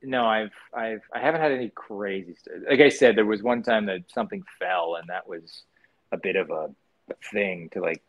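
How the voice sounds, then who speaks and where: A male actor, a guest in a casual interview, talking in a relaxed and candid way, acting out quotes as he goes. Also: fairly low pitch, normal speed, low-quality recording. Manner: relaxed and candid, with frequent restarts and acted-out quotes.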